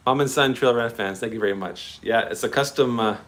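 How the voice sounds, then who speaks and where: A man hosting a model railway livestream, chatty and excitable, greeting viewers by name and laughing often. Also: mid-range voice, brisk. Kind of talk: casual live-stream chat with viewers.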